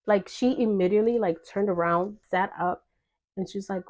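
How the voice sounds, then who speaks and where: A woman's voice: medium pitch, fairly even intonation, moderate pace, darkish tone. A young woman telling a personal story in casual vlog chat, full of fillers and quoted dialogue. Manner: chatty, filler-heavy, acts out quoted dialogue.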